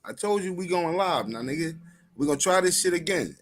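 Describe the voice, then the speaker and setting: A man hosting a live stream, his voice pitched a touch high. He keeps up loud, joking, profane banter full of slang. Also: lively intonation, brisk. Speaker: host of a live stream show.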